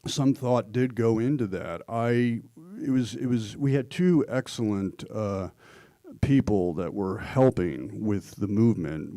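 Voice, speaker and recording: A male actor talks through a live Q&A in a warm, mellow voice. He tells animated stories and keeps slipping into voices and quotes. The sound is dry and close on the mic. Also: fairly low pitch, no echo. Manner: animated storyteller who slips into voices and quotes. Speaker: actor and guest. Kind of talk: live Q&A discussion.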